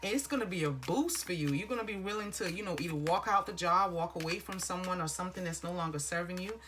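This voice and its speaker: A woman's voice: on the low side, quick pace, noisy background. A woman giving a casual tarot reading, encouraging and rambling, calling the listener honey. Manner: rambling with restarts and filler phrases. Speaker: tarot reader.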